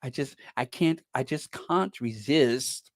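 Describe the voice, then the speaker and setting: A man putting on a mocking impression of a pompous, arrogant man, breathy and trailing off into a whisper. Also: mid-range voice, slow pace, dry recording, clean studio sound, close to an everyday voice.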